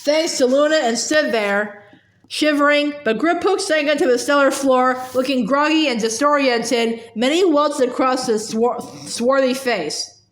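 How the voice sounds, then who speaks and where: A woman reads a novel aloud, with a high voice. She keeps a steady pace and sometimes stumbles or clears her throat. The room echoes around her. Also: a little slow. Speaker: audiobook reader.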